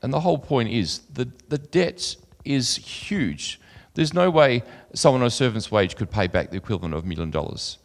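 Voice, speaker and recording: This preacher speaks at medium pitch with an expressive, vocal-fry-tinged delivery, a moderate pace and hardly any pauses. He reads scripture earnestly and adds conversational asides with fillers. The recording has a long hall reverb.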